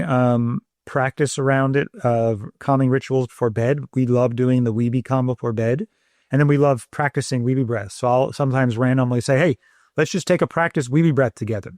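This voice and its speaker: A man co-hosting a parenting podcast, explaining things in a calm, measured and gentle way, sometimes repeating words as he thinks. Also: medium pitch, dry recording, clean studio sound. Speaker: podcast co-host, parenting doctor.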